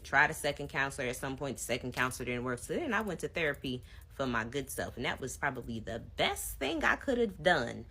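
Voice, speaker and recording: A woman's voice: very deep voice, big pitch swings, fairly quick, hardly any pauses, sharp tone, husky. A woman telling her own marriage story to her viewers in a chatty, casual way, talking straight to them. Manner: chatty, addresses viewers directly.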